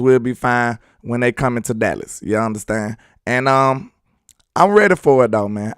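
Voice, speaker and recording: A man hosts a loose, rambling sports talk stream, slipping into asides to his chat and laughing easily. His voice sits a little high for a man, with a smooth, resonant ring. The sound is close and dry with no room around it. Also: a bit bright, no echo. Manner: laid-back, rambling, chats with viewers and laughs often. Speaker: sports talk show host.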